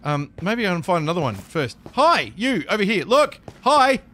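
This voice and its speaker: Excitable high-voiced gaming streamer. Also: male voice, moderate pace. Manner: excitable, chatters to game creatures, bursts into shrieks and laughter. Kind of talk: live gameplay commentary.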